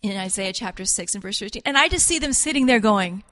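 A woman teaching a class in an informal sermon style, earnest and halting, now and then acting out voices of biblical figures. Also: mid-range voice, lively intonation, fairly bright tone, big-room sound. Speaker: Bible teacher.

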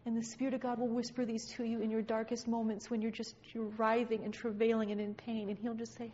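A woman's voice: a little high, fairly even intonation, fairly quick, dark tone. A woman sharing with her church congregation, talking fervently, repeating phrases and stammering. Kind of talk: impassioned spontaneous exhortation. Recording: dull, echoey hall recording.

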